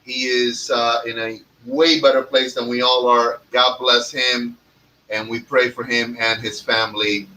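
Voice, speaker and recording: Sharp-toned but flat in delivery, this male podcast host speaks unhurriedly in a mid-range voice. He jokes profanely and ribs his co-hosts in brash, casual comedic talk. His voice is a bit distant from the mic, with slight background noise.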